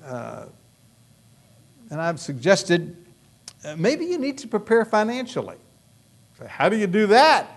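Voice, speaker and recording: Lively-voiced male pastor preaching. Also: high-pitched, unhurried, long pauses. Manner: emphatic preaching with rhetorical questions. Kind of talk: sermon.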